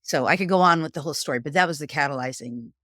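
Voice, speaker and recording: A woman's voice: sits low, racing, no room sound. Middle-aged woman, New York accent, chatty storyteller, dry close sound. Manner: animated, chatty, uses "like" often. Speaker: guest, psychic and spiritual teacher. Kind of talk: conversational storytelling.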